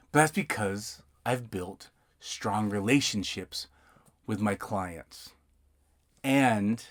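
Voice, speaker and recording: A man hosting a podcast, telling work stories in a loose, rambling way from inside a parked van. He stumbles over and repeats his words, and he slips into other people's lines as he recounts them. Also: lowish voice. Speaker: podcast host and notary. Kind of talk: casual storytelling monologue.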